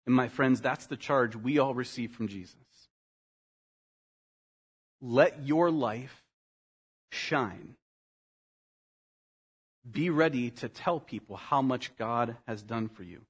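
A man preaching a sermon as pastor, animated, climbing to emphatic highs and sinking to quiet, earnest lines, with quick acted asides for people in the story. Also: slightly rough. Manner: animated, rising to emphatic peaks and dropping to quiet.

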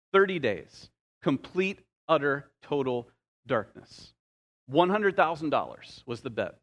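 A male pastor preaching a sermon, telling stories with light humorous asides and slowing down to stress key phrases. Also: a little high.

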